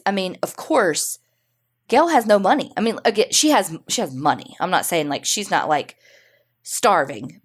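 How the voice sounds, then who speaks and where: A woman co-hosting a podcast, telling a true-crime story casually, chatty and swearing freely. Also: on the low side. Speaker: podcast co-host.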